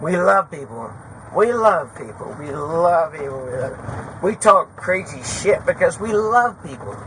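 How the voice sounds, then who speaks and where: A man's voice: on the high side, fairly bright tone, slight background noise, poor audio. Agitated, swearing man pleading with police. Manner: agitated, swearing, swings between threats and apologies. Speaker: arrested suspect. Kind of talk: heated pleading at police arrest. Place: outdoors in a parking lot. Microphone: officer's body camera.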